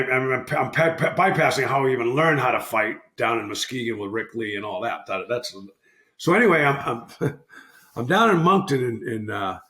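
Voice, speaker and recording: A man's voice: mid-range voice, sharp tone. A man in his sixties, a former hockey player, rambling animatedly and correcting himself as he tells a podcast story. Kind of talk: casual storytelling. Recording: roomy echo.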